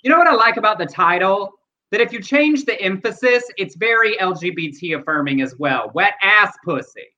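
High, bright-voiced man with dry wit. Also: a little fast, muffled recording, slight background noise. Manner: wry, deadpan delivery of jokes and read-out quotes. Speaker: co-host. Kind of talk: casual comedic chat.

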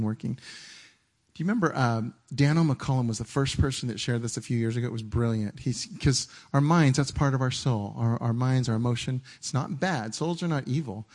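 A man preaching a casual, conversational sermon on a church stage, often repeating himself and acting out his own inner dialogue. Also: mid-range voice. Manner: conversational, animated, stumbling restarts and acted-out inner dialogue.

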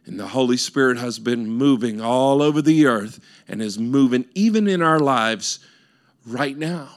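A man's voice: mid-range voice, animated, measured pace. A male pastor preaching a sermon, earnest and building with repeated rhetorical questions.

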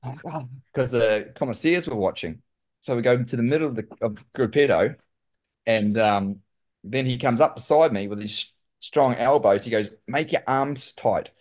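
A man with a New Zealand accent, a guest telling lively stories in casual conversation and saying "mate" often. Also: mid-range voice, moderate pace. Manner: animated, says "mate" often. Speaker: guest, former pro cyclist. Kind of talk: casual storytelling.

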